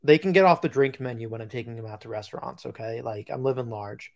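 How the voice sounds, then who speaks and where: A man's voice: mid-range voice, fast, creaky, a little mellow. A man co-hosting a podcast, telling a joking story in casual chat with plenty of fillers. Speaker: podcast co-host.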